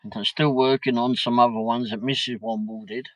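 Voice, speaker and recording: A man's voice: medium pitch, fairly even intonation, brisk, no echo, low-quality recording. A man hosting a casual livestream from home, chatting and joking as he answers viewer comments. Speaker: livestream host. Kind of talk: casual live-stream chat.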